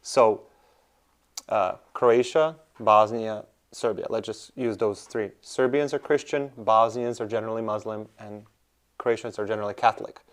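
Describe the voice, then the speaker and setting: A man who is a guest in a casual interview, agreeing readily and explaining things calmly. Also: on the low side, moderate pace.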